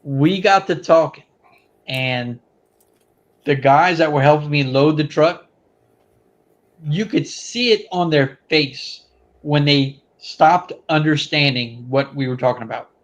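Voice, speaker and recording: A man in casual chat, telling stories slowly and deliberately. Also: fairly high pitch.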